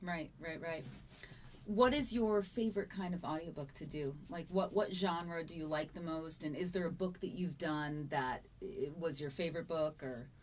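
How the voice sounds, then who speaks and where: A woman's voice: low voice, normal speed, a little hiss or hum. A woman interviewing an audiobook narrator, friendly and encouraging as she asks follow-up questions. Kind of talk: conversational interview.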